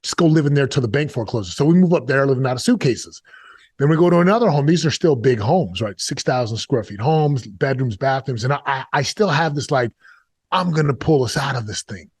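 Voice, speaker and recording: A man's voice: mid-range voice, animated, fairly quick, a little mellow, husky, no echo. A middle-aged man, a guest in an interview, telling a painful personal story in an earnest, confessional way, with bursts and repeated words.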